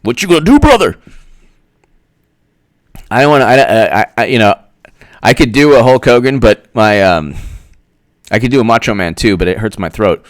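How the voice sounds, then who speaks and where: A man's voice: lowish voice, a little fast, no echo, clean studio sound. A man hosting a political commentary monologue, talking in a sarcastic, rambling way. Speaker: political commentator, channel host.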